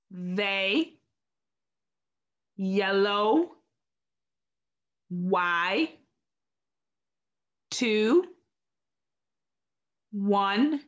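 A woman teaching a recorded phonics lesson to young children, slow, clear and encouraging. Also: medium pitch, muffled recording.

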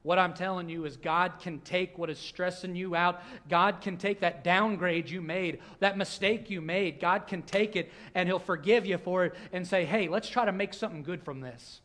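A male pastor, preaching a sermon in a church with a conversational manner that swings between hushed and loud. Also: high-pitched, fairly even intonation, normal speed, hardly any pauses. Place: church sanctuary.

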